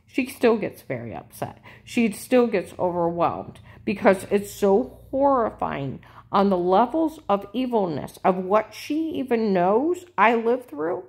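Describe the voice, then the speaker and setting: A woman in a casual monologue, insistent and repetitive, turning loud and emphatic. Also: medium pitch, big pitch swings, a little slow, gravelly, hardly any pauses. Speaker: vlogger.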